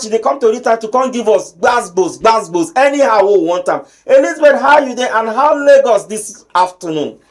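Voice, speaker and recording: A man with a Nigerian accent hosting a pidgin talk show in a studio, chatty and teasing, with many fillers. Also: very high-pitched. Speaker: host.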